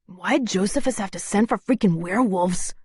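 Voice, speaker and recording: A woman's voice: medium pitch, moderate pace, a little mellow, breathy edge, no room sound, clean studio sound, lightly acted. A woman voicing a hyper, fidgety young shapeshifter woman who talks indignantly, in an audiobook. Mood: muttering.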